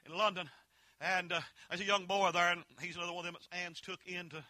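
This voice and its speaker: Folksy Southern preacher, bright dry voice. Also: male voice, high voice, fairly even intonation, fast talker, few pauses, no echo. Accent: Southern Appalachian. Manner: folksy storytelling that swells into impassioned shouting. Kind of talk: holiness sermon.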